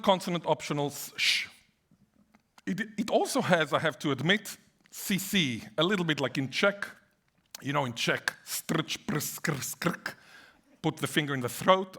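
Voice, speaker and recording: A man whose first language is Hebrew gives an animated academic lecture on linguistics, slipping in playful asides. His voice is a little high.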